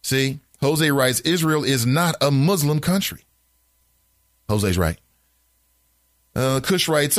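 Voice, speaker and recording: A man hosts a casual call-in show, reading listener messages and answering them with incredulous asides. His pitch swings widely when he gets worked up. The sound is dry and close, with no room around it. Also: slow, long pauses, no room sound, faint music behind. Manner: animated, incredulous asides with laughs; reads comments aloud in a flatter tone. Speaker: talk show host reading listener comments.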